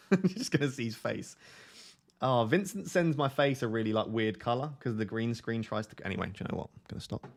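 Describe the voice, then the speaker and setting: A man's voice: mid-range voice, a little fast, creaky. A man hosting a casual fantasy football live stream, reading viewer comments aloud and joking and laughing with them.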